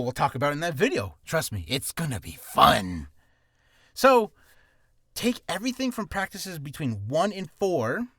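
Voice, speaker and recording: A man's voice: fairly high pitch, a bit bright, dry recording, clean studio sound. A man teaching voice acting in a casual tutorial, rambling with asides and poking fun at himself. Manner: rambling and self-deprecating, full of asides.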